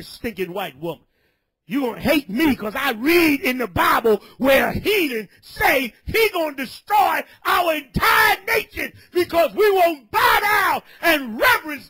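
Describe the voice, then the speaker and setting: Shouting husky-voiced male preacher. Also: very high voice, no echo. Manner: shouting, scolding. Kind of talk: fiery sermon.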